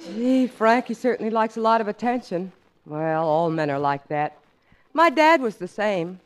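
An actress playing a cheerful young housewife who talks and sings in a bright, sing-song way in an old musical film comedy. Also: female voice, medium pitch, big pitch swings, moderate pace, a little hiss or hum, lightly acted, rough recording. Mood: amused. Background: orchestra.

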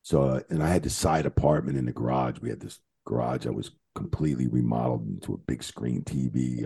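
A middle-aged man telling a road story on a podcast in a rambling style, with plenty of swearing. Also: mellow. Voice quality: very deep gravelly voice. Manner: profane, rambling, lots of swearing. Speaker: guest, retired referee. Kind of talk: casual storytelling.

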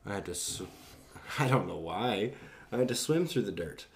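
A man's voice: on the low side, expressive, moderate pace, vocal fry. A young man telling a casual, profanity-laced anecdote in a rambling way.

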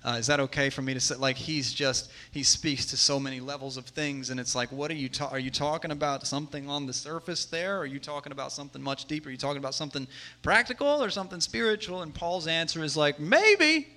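A man in his thirties delivers a sermon with a bright, forward voice sitting a little high. He talks conversationally, dropping into hushed asides and rising into emphatic runs. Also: steady tone, fast. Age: 30s. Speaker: pastor.

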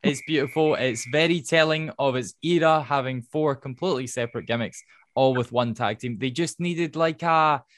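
A man hosting a casual podcast, recapping with wry asides and quick laughs. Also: medium pitch, fairly bright tone, dry recording. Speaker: podcast host.

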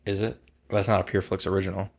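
Male co-host, very low and gravelly, relaxed casual talk. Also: rapid-fire. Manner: relaxed, short agreeing replies. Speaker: podcast co-host. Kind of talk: casual chat.

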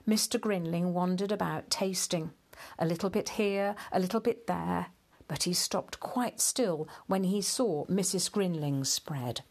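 A woman reading a children's storybook aloud in a gentle, measured and expressive way. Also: fairly low pitch.

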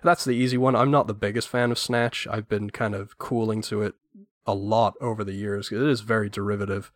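A man with a lowish voice talks at length and with enthusiasm, giving firm opinions. The recording is dry and close, with no room sound around him. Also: fairly even intonation, fairly quick, dry recording. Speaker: podcast guest. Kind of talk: casual film podcast chat.

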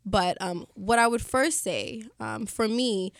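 A woman's voice: a little high, slow pace, creaky, no echo, clean studio sound. A woman guest in a casual podcast chat, talking easily and laughing often while giving practical advice.

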